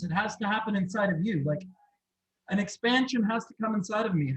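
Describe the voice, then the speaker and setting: A man as a health coach leading a gentle self-love session, repeating soft questions to the group. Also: high voice, animated, a little fast, a little hiss or hum, rough recording.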